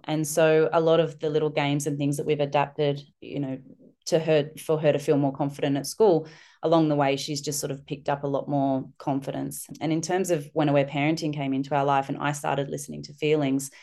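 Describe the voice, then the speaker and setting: A middle-aged woman, a guest on a parenting podcast, telling a personal story with lively, animated delivery. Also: low-pitched. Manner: warm, animated storytelling, acting out children's voices.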